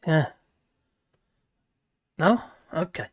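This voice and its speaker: A woman's voice: deep voice, very animated, drawn-out words, slightly rough. Older lady rambling to her stream chat, cheeky and jokey, voice bounces up and down. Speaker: live stream host. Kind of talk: casual chat with live viewers.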